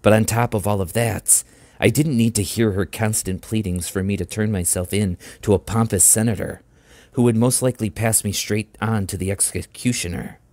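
A man with a deep, low voice reads a novel aloud for an audiobook. His narration is steady and measured, and the sound is close and dry with no room around it. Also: no room sound. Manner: steady, measured first-person reading. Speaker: audiobook reader.

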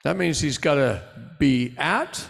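Animated man lecturing in a big hall. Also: unhurried, vocal fry, slightly rough. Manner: animated preaching delivery, swinging from loud bursts to low asides. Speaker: seminar speaker. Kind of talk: live seminar lecture. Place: large hall before a live audience. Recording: long hall reverb.

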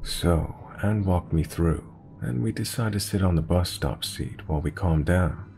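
A man narrating a scary story in a steady, measured reading voice. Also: sits low, gravelly, faint music behind. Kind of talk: scripted narration.

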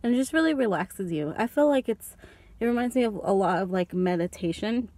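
A woman's voice: medium pitch, animated, brisk, a little mellow, dry recording. A young woman vlogger eating lunch in her parked car, rambling casually into her phone and coughing now and then. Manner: rambling, chatty, eating and coughing while talking. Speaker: beauty vlogger. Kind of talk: casual mukbang chat. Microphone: phone held in hand.

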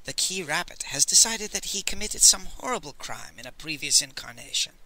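A man voicing a chatty old woman who confides town gossip in an audiobook, bright and lively in tone. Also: low voice, a little fast, heavily acted, low-quality recording. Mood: gossipy. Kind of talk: audiobook character voice.

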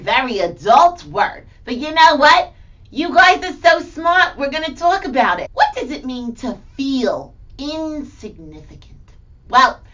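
A cheerful, playful grandmother, played by a woman, hosts a children's feelings segment in a high, swooping voice. She speaks slowly and exclaims often. The recording is distant and dull. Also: exaggerated voice. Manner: bubbly, animated, exclamatory. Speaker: segment host. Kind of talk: children's educational show acting.

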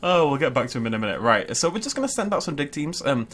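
A man giving chatty, excitable gameplay commentary and thinking aloud as he plays. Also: on the high side, fast talker. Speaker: gaming YouTuber.

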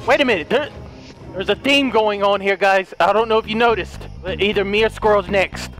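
Frantic high-voiced man gaming. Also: brisk, soft background music. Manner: frantic, pleading, shouting and laughing. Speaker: gaming video host. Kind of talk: comedic let's play commentary.

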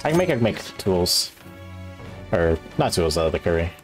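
A man's voice: sing-song, moderate pace, soft background music. Man muttering through a game. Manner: low-key muttering, thinking aloud. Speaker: gamer. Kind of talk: casual game commentary.

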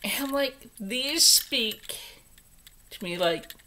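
A woman's voice: fairly high pitch, lively intonation, drawn-out words, sharp tone, low-quality recording. A middle-aged woman vlogger chatting casually as she unboxes jewelry, gushing over each piece and sometimes dropping to a whisper, stuffy from allergies. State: congested from allergies.

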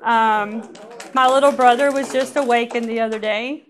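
A woman tells her personal testimony to a church gathering. Her voice sits a little high. She tells it with lively energy, laughs often, and acts out the voices of the people in her story. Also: moderate pace.

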